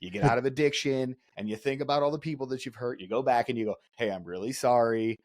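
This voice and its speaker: A man's voice: medium pitch, fast, no room sound, studio quality. A man hosting a podcast in casual chat, joking and self-deprecating. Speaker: podcast host.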